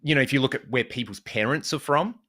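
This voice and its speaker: Bright-voiced Australian man, chatty guest. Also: mid-range voice, quick pace. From Western Australia. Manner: rambling and chatty, with many fillers and restarts. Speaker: podcast guest, guitar video creator. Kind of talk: casual chat.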